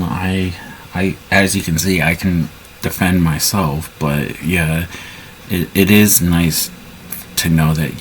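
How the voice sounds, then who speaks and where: Deep-voiced guy doing casual role-play, slow, keeps restarting his sentences. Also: slight background noise, rough recording. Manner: hesitant, many restarts and fillers.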